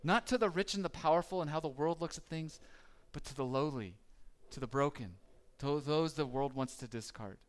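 A man's voice: a little high, normal speed. A man preaching a conversational sermon, asking the listeners questions and acting out their worries. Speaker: pastor.

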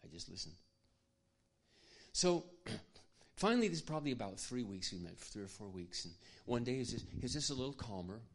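A man preaching, telling a personal story in an earnest, confiding way that often drops to a hush. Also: mid-range voice, big pitch swings, brisk, few pauses. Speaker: pastor. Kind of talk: sermon storytelling.

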